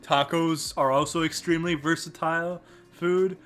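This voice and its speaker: A man's voice: a little high, steady tone, normal speed, fairly bright tone, soft background music. A man from Canada chatting on a podcast, rambling with restarts and fillers and laughing often. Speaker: podcast co-host. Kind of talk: casual chat.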